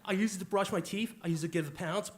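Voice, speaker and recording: A man's voice: sits high, fast talker, a crowd in the background. A man in his forties telling a jokey, punchy story live on stage into a handheld mic.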